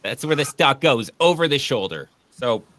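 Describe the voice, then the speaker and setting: A man's voice: mid-range voice, lively intonation, normal speed, fairly bright tone, no echo. A man hosting a casual online chat, joking and sarcastic. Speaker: podcast host.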